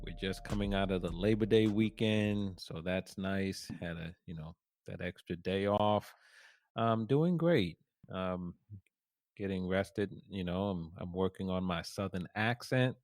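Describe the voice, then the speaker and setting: Low-voiced man hosting a sports podcast. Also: measured pace, dry recording, clean studio sound. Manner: relaxed, rambling, many fillers and restarts. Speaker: podcast host. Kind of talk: casual podcast chat.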